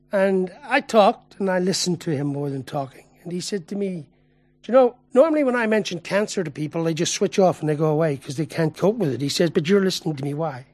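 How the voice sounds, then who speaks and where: A man's voice: sits high, no echo. A man preaching a sermon, telling a personal story earnestly and building to emphatic peaks.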